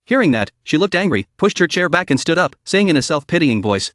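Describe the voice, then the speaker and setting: A man narrates a comic story recap in an even, steady reading. His voice sits slightly high and sounds dry and close to the mic. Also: fast, few pauses, no room sound.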